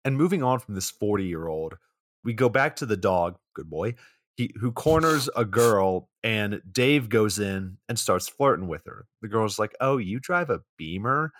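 A man's voice: fairly low pitch, expressive, a little slow, no room sound. A man co-hosting a podcast, recapping a movie's plot in a dry, profane, casual way. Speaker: podcast co-host.

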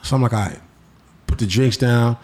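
A man telling a story in casual chat, slangy and animated, his voice jumping up for quoted lines. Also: medium pitch, normal speed.

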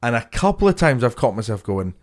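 A man's voice: mid-range voice, sing-song, fairly quick. A young man co-hosting a podcast, laughing and swearing through casual comedy banter. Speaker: podcast co-host. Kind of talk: casual chat.

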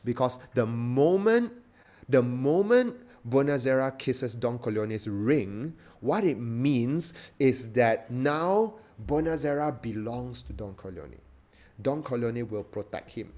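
A man telling a story in a sermon, animated and halting with many fillers. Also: mid-range voice.

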